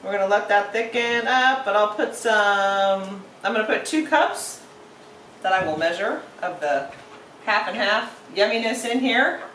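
A woman's voice: mid-range voice, animated, measured pace, fairly bright tone, reverberant, distant mic, a little hiss or hum, rough recording. A woman hosting a casual cooking demonstration, chatty and playful as she talks through each step. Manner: chatty and playful, narrates steps aloud. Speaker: cooking show host.

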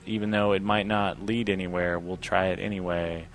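A man's voice: deep voice, monotone, moderate pace. A young man giving casual let's-play commentary, sarcastically reading game dialogue aloud in a lightly raised voice. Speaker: gaming video host.

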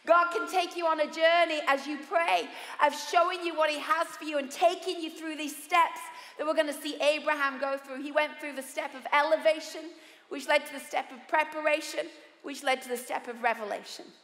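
A woman pastor preaching a sermon, lively and humorous, acting out the voices she quotes. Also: high voice, normal speed. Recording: echoey hall with long reverb.

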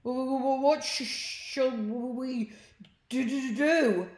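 A friendly, timid slime creature from a children's storybook, voiced by a woman reader. It speaks louder and higher than her narration and stammers when frightened. The sound has an echoey room around it. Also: lively intonation, slow pace. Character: friendly shape-shifting slime blob, timid.

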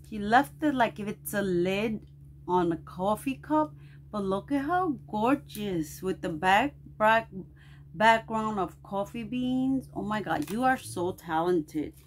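A woman's voice: medium pitch, darkish tone, slight background noise. A middle-aged woman vlogger opening packages and gushing her thanks in casual unboxing chat.

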